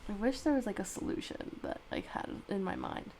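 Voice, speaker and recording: A woman's voice: mid-range voice, wildly swooping pitch, brisk, a little mellow, a little hiss or hum, low-quality recording. A young woman vlogging alone, talking to herself in a casual, swear-heavy, dramatic way while she fights with her camera setup and sings snatches of songs. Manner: chatty, swears freely, dramatic complaints. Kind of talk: casual solo vlog with singing.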